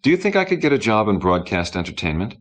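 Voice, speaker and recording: A man's voice: lowish voice, expressive, a little fast, voice pushed up, close to an everyday voice. A man voicing an eager, naive young woman who asks wide-eyed questions.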